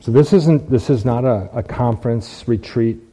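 A man's voice: medium pitch, moderate pace, dark tone. A man preaching a sermon, reading scripture aloud and repeating key phrases for emphasis.

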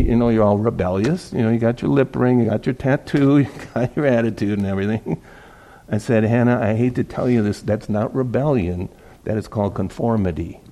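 A middle-aged male pastor preaching in a loose, chatty way, with a mellow, warm tone. He laughs easily and stumbles over repeated words mid-thought. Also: medium pitch. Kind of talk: casual sermon.

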